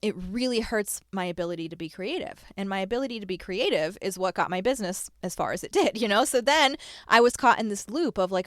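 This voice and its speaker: A woman's voice: mid-range voice, expressive, brisk, no echo, clean studio sound. A young adult woman hosting a solo podcast, talking in a chatty, candid way with self-deprecating asides. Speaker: podcast host.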